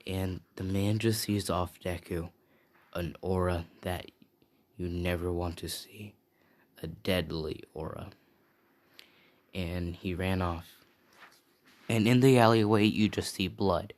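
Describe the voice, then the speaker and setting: A man's voice: sits low, steady tone, slow, pauses often. A young man casually telling an improvised fan story, rambling and stopping to recall details.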